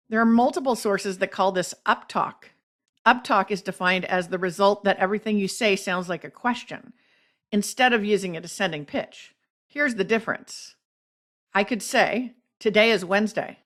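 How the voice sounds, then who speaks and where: Female podcast host, middle pitch, measured instructive read of speech advice. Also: fairly bright tone. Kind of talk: scripted explanation of speech tips.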